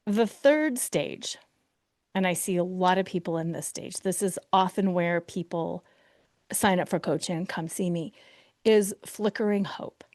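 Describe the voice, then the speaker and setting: A woman's voice: fairly low pitch, measured pace, darkish tone, no echo, clean studio sound. A middle-aged woman hosting a podcast as a betrayal recovery coach, talking expressively and acting out people's inner voices. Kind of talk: solo podcast monologue.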